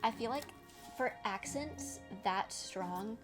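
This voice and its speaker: A woman's voice: a little high, lively intonation, slow. A young adult woman streaming, chatting casually with her viewers while she crafts, reacting to their comments and laughing often. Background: background music.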